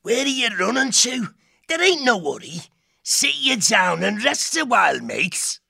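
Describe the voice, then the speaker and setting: A man voicing a swaggering, cruel male fox pirate captain in an audiobook, with rough pirate speech and a bullying, boastful manner. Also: very high voice, sing-song, measured pace, bright, forceful tone, no echo, clean studio sound, pitched above the performer's own voice, full character voice. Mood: sneering. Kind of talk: audiobook character voice.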